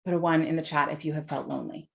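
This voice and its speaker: A woman's voice: deep voice, fairly even intonation, very fast, vocal fry, a bit bright. A woman in her forties giving a heartfelt, emphatic talk on mental health to an online audience over a video call. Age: 40s. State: tearful at times. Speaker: guest speaker on mental health.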